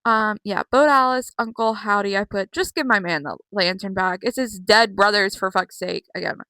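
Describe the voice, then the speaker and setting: A woman's voice: medium pitch, moderate pace, sharp tone, smooth, no echo, low-quality recording. A young woman chatting casually from her bedroom, rambling with many fillers as she recaps wrestling shows. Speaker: wrestling vlogger. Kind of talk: casual chat.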